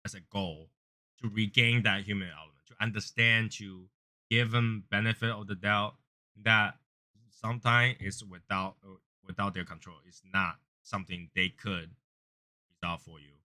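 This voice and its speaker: A man's voice: fairly even intonation, moderate pace. A man hosting a cigar review channel, talking casually and earnestly, rambling and repeating himself, sometimes raising his voice to act out angry callers. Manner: grows louder and higher when acting out angry callers. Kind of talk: casual chat.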